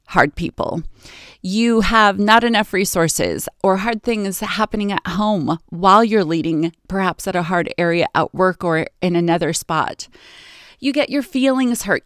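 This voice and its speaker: A middle-aged woman hosting a faith podcast, chatty and quick to laugh at herself. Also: mid-range voice, clear, resonant tone, no echo, clean studio sound. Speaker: podcast host. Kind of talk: casual faith podcast chat.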